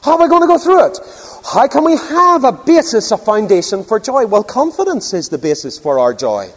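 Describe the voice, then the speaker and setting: Older man, high lively voice, preaching a sermon, echoing hall. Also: a little fast. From Northern Ireland. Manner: emphatic, rhetorical questions, sweeping pitch. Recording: long hall reverb.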